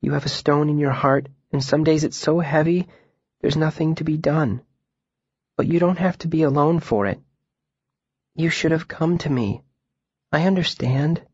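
A gentle young girl's voice, hushed and tender as she soothes a grieving friend, put on by a man reading the story. The voice is raised a little above his usual speech and kept quiet. The recording sounds dry and slightly dull. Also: a little high, normal speed, long pauses, breathy edge, no echo, voice pushed up.

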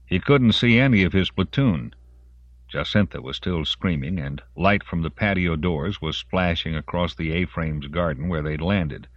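A man narrating a story in an expressive storytelling voice. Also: low-pitched, moderate pace, no echo, muffled recording. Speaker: audiobook narrator. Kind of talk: scripted narration.

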